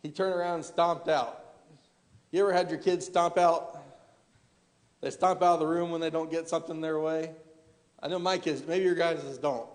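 A man preaching a sermon, his fairly high voice carrying long reverb through a church hall. He asks the congregation rhetorical questions and often restarts his phrases. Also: steady tone, moderate pace, long pauses.

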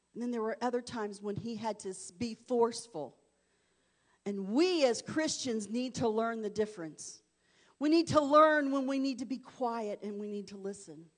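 High-voiced woman preaching with fervor. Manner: dramatic, swings from hushed to shouting. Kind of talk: sermon.

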